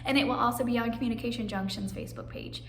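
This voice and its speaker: A woman's voice: on the high side, steady tone, racing. A woman hosting a children's story time, teaching simple signs and reading aloud in a cheerful, sing-song way. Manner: cheerful, sing-song, addresses kids as friends. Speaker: story time host teaching sign language. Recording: roomy echo, mic at a distance, faint background noise.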